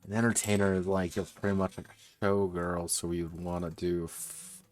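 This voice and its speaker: A man's voice: low voice, flat delivery, moderate pace, a little mellow, soft background music. A man streaming as he designs a tabletop game, thinking aloud in a muttering way, often correcting himself and swearing casually.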